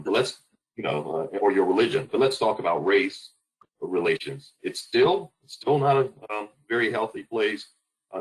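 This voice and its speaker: A man who leads in the fire service, speaking on a webinar panel in a halting way, stopping often to search for words. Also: fairly low pitch, rough recording.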